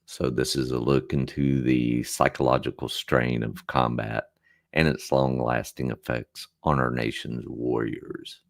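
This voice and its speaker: A man's voice: very deep voice, little pitch movement, a little slow, creaky. A man hosting a casual livestream from a room at home. He talks in a distracted, apologetic way while he fixes his audio setup. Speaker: livestream host.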